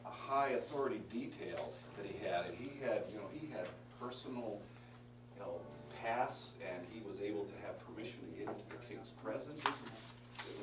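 A man preaching a Bible study sermon, lively and emphatic, asking the congregation questions and restarting his sentences. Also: on the low side, noisy background. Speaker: pastor teaching a Bible study. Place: church hall. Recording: roomy live-stream audio from a distance.

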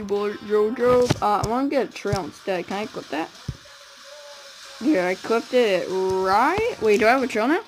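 A young woman giving casual, excitable commentary while playing a video game, often squealing and giggling. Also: fairly high pitch, moderate pace, faint music behind, poor audio. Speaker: gamer.

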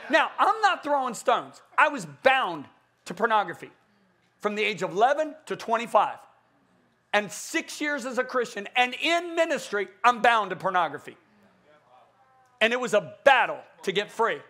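A man in his sixties preaching a passionate conference sermon, repeating words in bursts and swinging from hushed to loud. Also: high voice. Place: large church conference stage.

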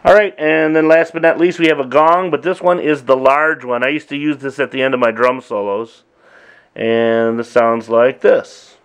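A middle-aged man casually walking through his old drum machine sounds, talking in a relaxed, halting way with frequent pauses. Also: medium pitch, a little hiss or hum. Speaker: drummer demonstrating gear. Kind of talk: casual demo walkthrough.

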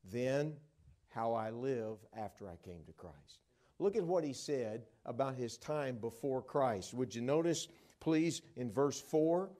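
A middle-aged man preaching a sermon in a church, telling stories and swinging from hushed to loud, excited delivery. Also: medium pitch, unhurried. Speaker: traveling evangelist preacher. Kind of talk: sermon with storytelling. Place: church sanctuary at a conference. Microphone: wearing a microphone.

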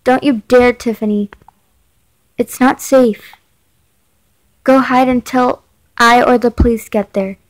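A woman's voice: fairly high pitch, steady tone, takes it slowly, pauses often. A woman reading aloud as a worried mother who firmly tells her daughter to stay safe and holds back a secret. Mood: tense. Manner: firm, urging caution. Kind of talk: reading a chat story aloud.

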